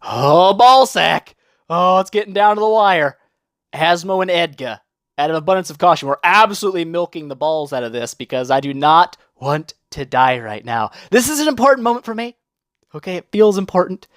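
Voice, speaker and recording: A young man casually commenting on a mobile game run, excitable and jokey, reacting aloud to every turn. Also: high-pitched, normal speed, no echo, studio quality. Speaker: mobile game video host.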